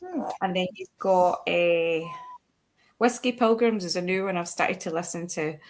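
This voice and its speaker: A woman's voice: lowish voice, lively intonation, measured pace. A Scottish woman, a podcast guest, chatting casually on a video call, often restarting her sentences and laughing easily. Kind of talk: casual chat.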